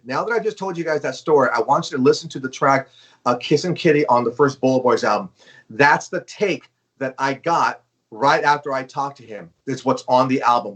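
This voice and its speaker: In a relaxed interview, a Los Angeles drummer in his fifties tells a lively story full of swearing and filler words. He speaks at a medium pitch.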